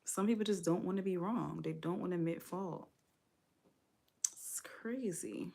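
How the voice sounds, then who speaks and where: A woman's voice: lowish voice, a little slow, creaky, mellow, a little hiss or hum. A woman who is a parent, hosting a live stream and chatting candidly with viewers in a casual way. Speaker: livestream host.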